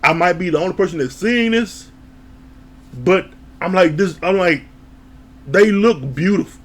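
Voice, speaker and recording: A man's voice: high-pitched, expressive, normal speed. A man giving a casual, rambling recap of a TV episode, chatting along and laughing often. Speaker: TV show reviewer.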